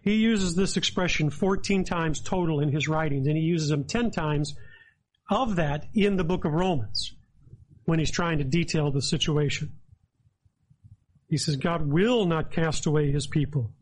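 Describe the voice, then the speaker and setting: A man's voice: fairly high pitch, unhurried, rough recording. A man preaching a sermon, earnest and emphatic as he reads and explains scripture verse by verse. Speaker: pastor.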